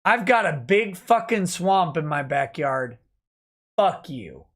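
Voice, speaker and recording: Slow-talking drunk man ranting. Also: a little high, big pitch swings. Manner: angry, profane ranting. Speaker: livestream host. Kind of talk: late-night livestream rant.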